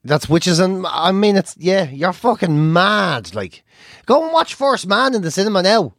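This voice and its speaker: A man's voice: high-pitched, big pitch swings, moderate pace, a bit bright, no echo, clean studio sound. An Irish man in his thirties co-hosting a casual comedy podcast, telling stories animatedly and swearing freely. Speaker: podcast co-host.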